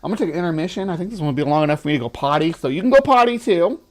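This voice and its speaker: A man's voice: a little high, expressive, rapid-fire. A man hosting a casual livestream, chatty and playful, often laughing. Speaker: livestream host.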